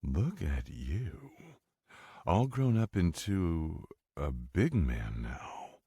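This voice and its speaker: Smug sly woman, deep-voiced guy putting her on, husky and mocking, dry sound. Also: sing-song, measured pace, mellow, no room sound, heavily acted. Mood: smug taunting. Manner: mocking, taunting.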